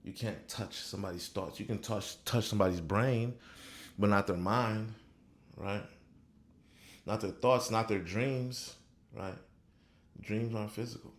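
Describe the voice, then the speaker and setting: A man giving a casual motivational talk on faith, punctuating nearly every phrase with "right?", reflective and then fervent. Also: fairly low pitch. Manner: unhurried and reflective, growing fervent when preaching. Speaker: motivational speaker. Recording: echoey room.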